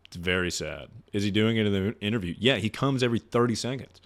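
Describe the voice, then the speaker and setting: Young male streamer, slightly low voice, loose and profane, laughs through his advice. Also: quick pace. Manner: rambling, profane, laughs often. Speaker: streamer giving advice to chat. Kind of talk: casual livestream chat.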